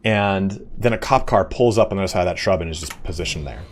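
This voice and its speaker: A young man, a gaming streamer, telling a story in casual chat, animated and swearing often. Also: low voice, fast talker.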